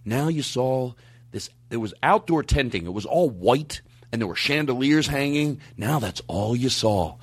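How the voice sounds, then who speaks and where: A male podcast host who rambles through his stories and swears freely. His pitch leaps up and down, and he sounds dry and close to the mic. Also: moderate pace, slightly rough, no room sound. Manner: profane, rambling, animated storytelling. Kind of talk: casual chat.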